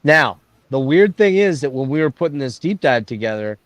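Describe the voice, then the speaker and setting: A man hosting a casual stream, telling stories to his friends in an excited, profane way. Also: fairly high pitch, moderate pace, no room sound. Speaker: stream host. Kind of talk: casual chat storytelling.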